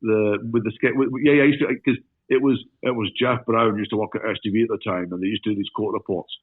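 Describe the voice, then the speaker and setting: A man's voice: on the low side, fast talker, slightly rough, dry recording. Glaswegian man on a tinny call line. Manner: jokey, self-deprecating, lively storytelling with swearing. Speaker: guest actor. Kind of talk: casual podcast interview.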